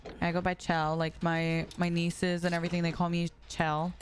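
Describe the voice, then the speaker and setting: A woman's voice: on the low side, monotone, normal speed, slight background noise. A young woman live streaming as she plays a game, chatting casually with her viewers, swearing and laughing often. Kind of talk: casual live-stream chat while gaming. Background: music.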